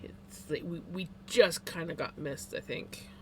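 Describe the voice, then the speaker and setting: A streamer, chatting casually with viewers on a live stream from home in a relaxed, unhurried way, with sighs and yawns. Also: mid-range voice, slight background noise. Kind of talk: casual livestream chat.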